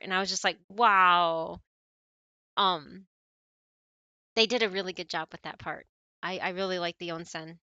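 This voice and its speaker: A woman's voice: fairly high pitch, sharp tone, no room sound. An American woman streaming, chatting casually with her chat, laughing often and rambling with lots of fillers. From United States. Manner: giggly, rambling, apologetic, many fillers.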